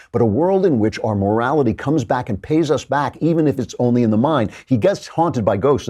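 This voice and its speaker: A male host giving a lecture-style monologue on his show, with a low, husky voice that swings widely in pitch. His tone is dark and mellow, and he often repeats words as he builds a point.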